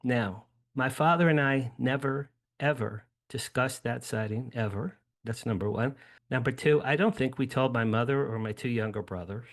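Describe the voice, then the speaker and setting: Man in his 60s from New Jersey, gravelly, animated, digressive guest storyteller. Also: mid-range voice, moderate pace. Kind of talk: personal storytelling in an interview.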